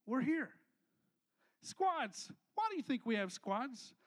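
A young adult man, a pastor, preaching a casual, slangy sermon that swings between hushed asides and loud, emphatic lines. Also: extremely high pitch, big pitch swings, slow.

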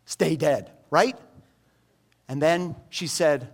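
Guy preaching, fairly high voice, animated and jokey storytelling. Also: takes it slowly. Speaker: pastor. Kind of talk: sermon.

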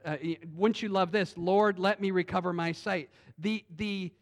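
A man preaching a sermon in a conversational way, swinging between loud emphatic lines and quiet asides, often restarting his sentences. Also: sits high, fairly even intonation, brisk, few pauses. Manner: frequent restarts and repetitions. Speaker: pastor.

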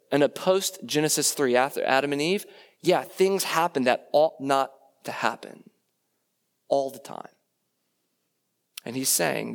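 A man delivering a sermon in a chatty, conversational manner. He keeps checking in with his listeners through rhetorical questions and quick tag questions. His voice sits at an ordinary middle pitch for a man. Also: gravelly. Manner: conversational, rhetorical questions, frequent "right?" tags. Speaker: preacher.

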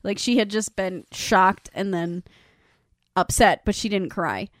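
In a casual podcast chat, a female co-host recaps a show scene by scene, animatedly voicing the characters' quoted lines. Her mid-range voice moves unhurriedly, and the clean studio recording has no room sound.

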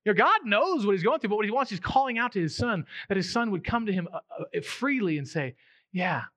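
A man with a bright, forceful voice preaches in a loose, conversational way. His pitch sits a little high for a man, and the sound is dry and close. He acts out the quotes he tells in their own voices. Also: animated, fast, dry recording. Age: 30s to 40s. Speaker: pastor. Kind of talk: sermon.

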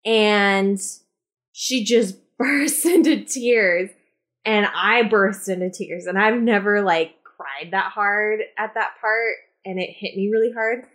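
Animated woman on a movie podcast. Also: medium pitch, takes it slowly. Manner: animated storytelling with many fillers. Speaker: podcast co-host. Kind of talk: casual movie podcast chat.

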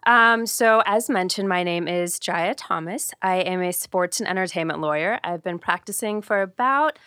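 A woman lawyer from Ohio, a podcast guest, answering questions in a measured, composed way. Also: lowish voice, bright, forceful tone, smooth, no echo, studio quality. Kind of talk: interview answers.

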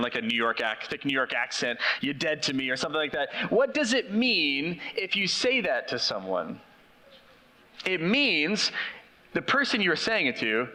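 A man's voice: a little high, pushed and bright. A middle-aged man preaching a sermon as pastor, conversational and questioning his congregation. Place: church. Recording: long reverb of a church hall.

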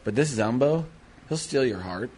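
A man's voice: medium pitch, animated, normal speed, darkish tone. A man co-hosting a radio show in casual banter, rambling and playful, sometimes slipping into silly voices. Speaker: radio co-host.

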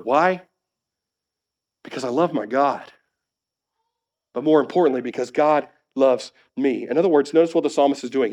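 A male pastor delivers a sermon in a fairly high voice. He builds to emphatic, repeated exhortations, then drops low and quiet for personal asides. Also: moderate pace. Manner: preaching with rising emphatic exhortations and dropping to soft asides.

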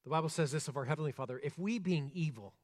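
A man preaching a sermon, earnest, rising to emphasis and dropping soft and slow. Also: fairly high pitch. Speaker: pastor. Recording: long reverb of a church hall.

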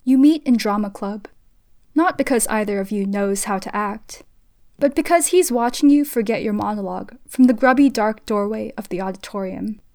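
A woman reading a literary short story aloud in a soft, hushed voice that sometimes drops to a whisper. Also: mid-range voice, lively intonation, normal speed, no echo. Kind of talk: literary reading in second person.

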